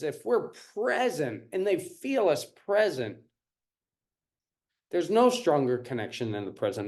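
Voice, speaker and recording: A male parenting coach leads a live class in a fairly high voice that swings widely in pitch. He talks slowly and deliberately, repeating key points and checking in with his listeners. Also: a little mellow.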